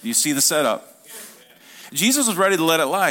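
Speaking a little fast in a mid-range voice, a male pastor delivers a lively sermon, voicing quoted dialogue and prompting the congregation to respond.

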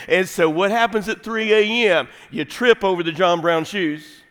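Middle-aged man preaching a folksy sermon, voice on the higher side, long church reverb. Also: normal speed, few pauses, clean tone. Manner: folksy, animated storytelling with sudden drops to quiet, intimate delivery. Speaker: pastor. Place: large church sanctuary.

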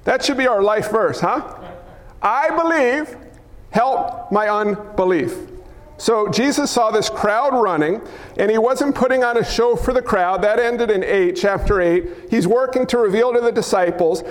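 A male pastor preaching a sermon in a church hall, wearing a mic, animated and acting out crowd cries and quoted lines. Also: high-pitched, normal speed. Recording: long hall reverb.

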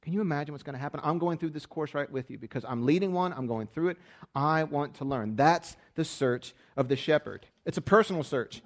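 Middle-aged male pastor, fast and emphatic sermon delivery, fairly high voice, big swings from loud to hushed. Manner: fast-talking.

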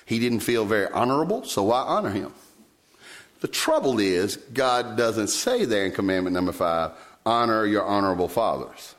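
Pastor, man, thirties, mid-pitched voice, storytelling sermon that jumps high when he acts out his own lines. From Virginia, US. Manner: animated storytelling, sudden leaps in pitch when quoting himself.

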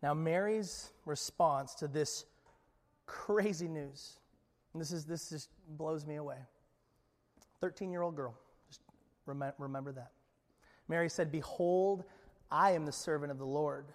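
A male pastor with a notably high voice delivers a lively sermon. He speaks conversationally, acts out Bible voices and repeats words as he goes. The sound carries a long reverb from a church hall. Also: measured pace, pauses often.

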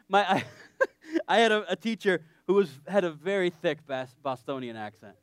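A man's voice: high voice, very animated, moderate pace, clear, resonant tone, dry recording, clean studio sound. A man preaching a sermon in a conversational, joking way, often checking in with his listeners.

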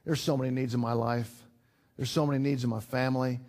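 A man's voice: mid-range voice, steady tone, fast, darkish tone. An older man preaching a sermon in an earnest, conversational way. He repeats himself often and builds to emphatic rises. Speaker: pastor.

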